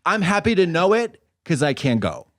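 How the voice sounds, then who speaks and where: A man's voice: high-pitched, very animated, normal speed, a bit bright, a little hiss or hum. A man in casual podcast chat, campy and exclamatory, laughing often. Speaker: podcast co-host or guest.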